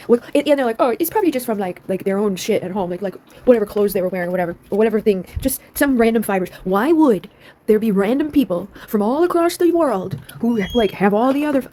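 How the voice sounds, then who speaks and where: A woman's voice: on the high side, rapid-fire, dark tone. A young woman ranting in a casual vlog, exasperated, swearing often and laughing between lines.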